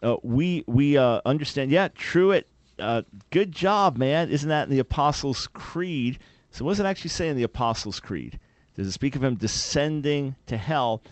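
A man hosts a call-in radio show and answers listeners' questions with earnest, emphatic explanations. His voice sits mid-pitch and close to the mic. The sound is dry, with no room around it. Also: expressive, normal speed, no echo. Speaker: radio talk show host.

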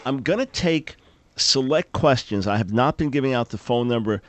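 A man's voice: mid-range voice, lively intonation, moderate pace, dry recording. An older man hosting a radio talk show, speaking emphatically and animatedly, often repeating words as he starts a thought. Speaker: radio host. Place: radio studio.

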